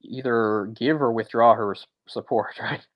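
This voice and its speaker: A man's voice: medium pitch, moderate pace, dry recording, muffled recording. A man co-hosting a movie discussion podcast, talking in a rambling, self-correcting way with frequent chuckles. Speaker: podcast co-host.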